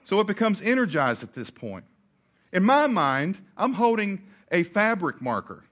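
Brief: male pastor, slightly high voice, self-mocking storyteller. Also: moderate pace. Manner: animated storyteller, laughing at himself. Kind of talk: sermon storytelling.

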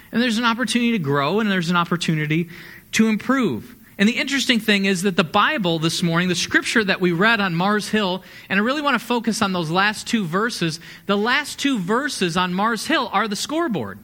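A pastor preaches a sermon in a conversational, energetic style, putting questions to the congregation. He has a high voice and talks briskly.

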